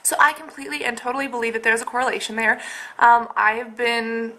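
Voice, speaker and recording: A young woman records a casual update at home, speaking straight to her camera. Her voice sits a little high and rings bright and sharp. She rambles in an exasperated way and fills her sentences with "like". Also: steady tone, a little fast. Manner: rambling and exasperated, many fillers like "like". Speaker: vlogger. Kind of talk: casual personal video update. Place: at home, indoors.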